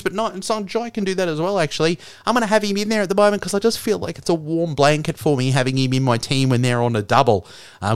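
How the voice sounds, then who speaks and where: A man hosting a fantasy cricket podcast in casual, rambling solo chat, frank and quick to laugh. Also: medium pitch, fairly bright tone, smooth, no echo.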